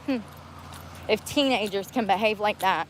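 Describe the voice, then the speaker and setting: A homeless woman livestreams from a street outdoors, angrily ranting and swearing in a combative way, weary and sore from walking. Her voice is mid-range at a moderate pace, with slight background noise.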